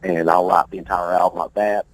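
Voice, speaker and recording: A man's voice: sits low, flat delivery, brisk, dry recording, low-quality recording. Dry-voiced rambling musician man. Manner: loose, rambling, profane, repeats words and laughs easily. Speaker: musician, interview guest. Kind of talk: casual interview talk.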